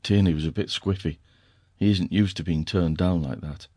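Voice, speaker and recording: A man's voice: deep voice, steady tone, normal speed, a little mellow, no echo, studio quality, pitched below the performer's own voice. A male narrator voicing a teasing, affectionate young husband with a wry, fond way of talking.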